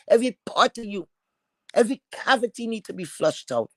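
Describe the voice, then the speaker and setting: A man's voice: high voice, expressive, a little fast, no echo, rough recording. A man on a live stream, delivering a heated, profane rant that is insulting, repetitive and confrontational.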